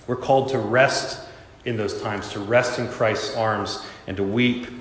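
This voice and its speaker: A man preaching a sermon as pastor, expressive and dramatic, acting out the voices he quotes. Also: lowish voice, a little slow. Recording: echoey church hall.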